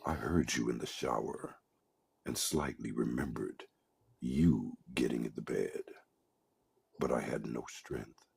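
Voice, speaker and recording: A man slowly reading an erotic story aloud in an intimate, breathy way. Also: very deep voice, darkish tone, slight background noise.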